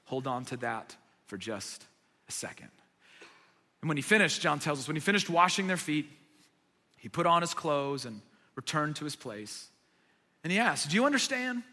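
A man's voice: fairly high pitch, expressive, normal speed, long pauses, sharp tone, long reverb tail. A man preaching a sermon, retelling a scene with vivid dramatic emphasis. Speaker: pastor.

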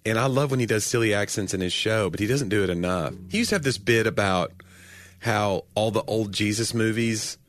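A man's voice: lowish voice, a little fast, no echo. A man, a comedian, chatting casually and joking on a podcast, laughing often. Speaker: comedian co-host.

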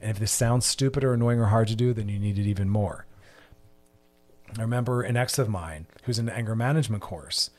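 A man's voice: on the low side, brisk, darkish tone. A man hosting a mental health podcast, talking passionately and preachily, with emphatic repetition. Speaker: podcast host.

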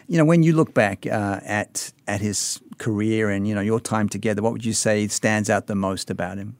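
A man hosting a radio interview, asking measured questions with brief listening replies. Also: on the low side, dry recording.

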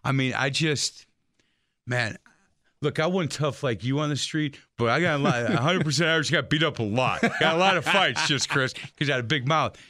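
A man's voice: on the high side, no room sound, clean studio sound. A man hosting a talk radio show, energetically heading into a break and plugging his guest's music. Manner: energetic, quick to wrap up to a break. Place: radio studio. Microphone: studio microphone.

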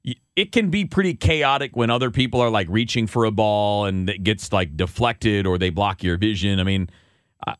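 Animated, ranting male sports talker. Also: lowish voice, normal speed, dry recording, studio quality. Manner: animated, ranting, many restarts. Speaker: co-host. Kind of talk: casual sports talk.

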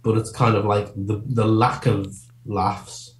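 A man talking as a comedian guest in a casual interview, quick and rambling, often breaking off and restarting his sentences. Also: on the low side, fairly even intonation, roomy sound.

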